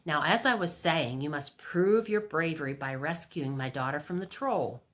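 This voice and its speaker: A woman voicing a scheming, pushy king in a storybook reading, talking brisk and excitable. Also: sits low, close to an everyday voice.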